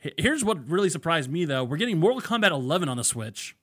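A man's voice: a little high, very animated, fast, a bit bright. A man hosting a podcast in casual chat, running through news items in a loose, profane way. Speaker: podcast host.

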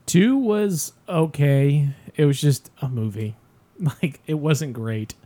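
A man in casual chat with friends, jokey and quick to riff. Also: fairly high pitch, dark tone.

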